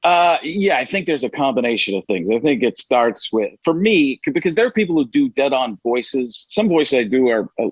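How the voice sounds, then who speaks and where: A man's voice: mid-range voice, husky, no echo. A middle-aged man, a guest comedian, chatting animatedly and jokily on a video call. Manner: animated, jokey, slips into voices. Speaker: guest impressionist. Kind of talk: casual interview chat. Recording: dull lo-fi video call audio.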